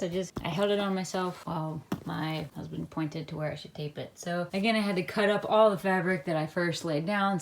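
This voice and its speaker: A woman's voice: mid-range voice, slight background noise. Chatty self-mocking woman vlogging crafts. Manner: chatty, rambling, self-mocking with little laughs. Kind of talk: casual DIY craft vlog.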